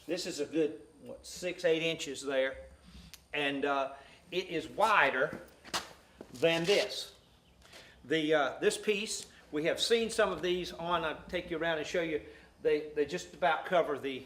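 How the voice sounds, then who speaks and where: A loud, folksy man with a Southern drawl explains old woodwork as he walks a listener through it. His voice sits a touch higher than most men's and rings around a roomy, echoing space. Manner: loud, folksy, explaining while pointing things out. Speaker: restoration guide. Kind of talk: casual guided walkthrough. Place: among old wooden building pieces.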